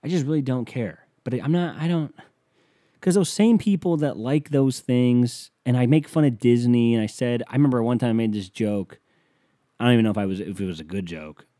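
A man's voice: mid-range voice, brisk, warm tone, no room sound, clean studio sound. A man ranting as a comedian in a profane, sarcastic, rambling monologue.

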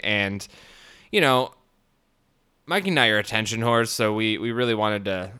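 Talking through a swollen, split lip, a man hosting a solo podcast rambles in a casual monologue full of filler words and crude humor. His voice is fairly low, smooth, with a sharp tone.

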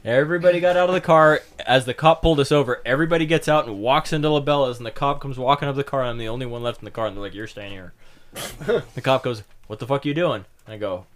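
A man co-hosting a casual podcast with friends, telling stories in a profane, animated way. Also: mid-range voice, rapid-fire. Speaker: podcast co-host. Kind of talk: casual chat among friends.

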